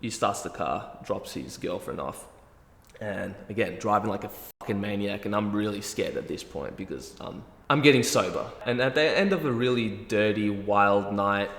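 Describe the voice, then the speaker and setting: A man's voice: on the low side, normal speed, vocal fry. Swearing young Australian man telling a story. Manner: animated, heavy swearing, self-mocking. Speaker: vlogger. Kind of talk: storytelling monologue. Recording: roomy echo, long reverb, faint music.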